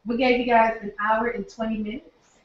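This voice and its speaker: A woman's voice: fairly high pitch, flat delivery, moderate pace. A woman with a Southern accent, hosting a live online training and signing off to viewers in an upbeat, folksy way from her office. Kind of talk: live webinar sign-off. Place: office, alone. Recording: very echoey, distant, dull lo-fi.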